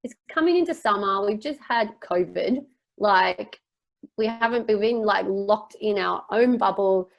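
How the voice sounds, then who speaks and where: A woman's voice: medium pitch, a little slow, vocal fry, dull audio. A young woman talking as a podcast guest, telling a personal story openly and emotionally, rambling with many fillers.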